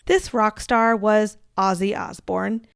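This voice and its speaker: A woman's voice: mid-range voice, steady tone, slow, vocal fry, smooth, dry recording, studio quality. A woman co-hosting a podcast, telling a story in a casual, chatty way with frequent laughs. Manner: chatty, laughs often, self-deprecating asides. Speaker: podcast co-host.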